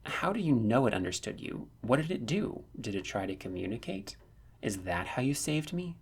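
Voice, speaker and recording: A man voicing a confused, eager young male soldier who fires off questions, with a husky voice. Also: medium pitch, big pitch swings, exaggerated voice. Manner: bewildered, rapid-fire questioning.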